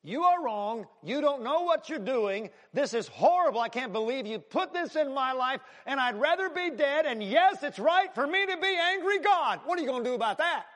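A man voicing Jonah as an angry, defiant man, shouting indignantly at God. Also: high-pitched, unhurried, long reverb tail, exaggerated voice.

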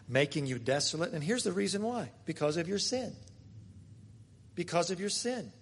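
A man's voice: on the high side, husky. Man preaching in a reverberant church. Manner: conversational preaching with sudden swings between loud and soft. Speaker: pastor. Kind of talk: sermon. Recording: long hall reverb.

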